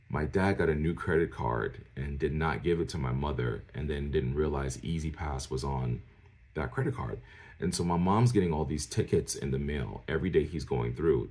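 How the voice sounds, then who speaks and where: A man with an extremely deep, low voice tells a true personal story straight to his viewers. He is from New York and talks in a loose, casual way, full of asides. He slips into the voices of the people he quotes. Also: vocal fry, darkish tone, husky. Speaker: storyteller vlogger.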